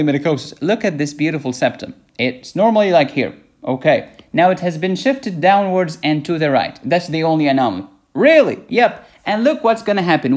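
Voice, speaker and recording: A man giving a playful medical lecture, asking questions and answering them himself. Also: on the high side. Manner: playful, asks and answers his own questions.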